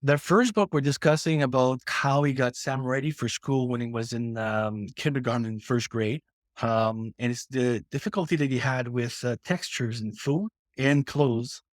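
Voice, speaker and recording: A middle-aged man from Canada speaks earnestly as a guest in a casual interview. He restarts sentences often and fills pauses, at an ordinary male pitch. The recording is dry and close. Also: dry recording. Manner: earnest, many restarts and fillers. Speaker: guest author.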